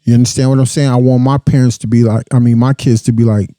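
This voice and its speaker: A man's voice: mid-range voice, little pitch movement, quick pace, mellow, no room sound. A young adult man hosting a podcast, giving a blunt, profane, impassioned casual monologue. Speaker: podcast host.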